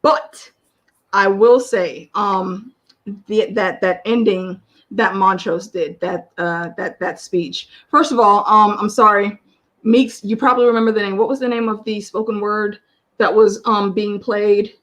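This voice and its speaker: A woman hosting a casual show chat, talking in animated, quick bursts with laughter. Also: mid-range voice. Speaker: host.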